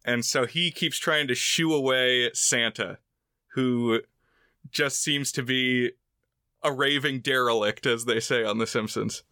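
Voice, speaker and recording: A man co-hosting a movie podcast, recapping the plot in a relaxed way with joking asides. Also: medium pitch, a little slow, no echo, studio quality. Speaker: podcast co-host. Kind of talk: casual movie discussion.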